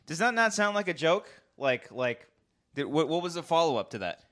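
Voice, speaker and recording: A man's voice: a little high, sing-song, moderate pace, fairly bright tone. A man co-hosting a casual podcast from a hotel room, teasing and joking with his friends. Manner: jokey, teasing banter. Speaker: podcast co-host. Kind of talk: casual chat.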